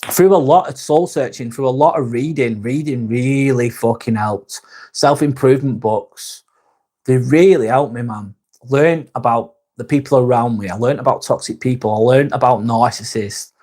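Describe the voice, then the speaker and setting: A man in his forties talks at a middling pitch on a live vlog. He rambles candidly from one thought to the next, with swearing scattered all through the chat. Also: normal speed, darkish tone. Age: 40s. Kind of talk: casual live-stream chat.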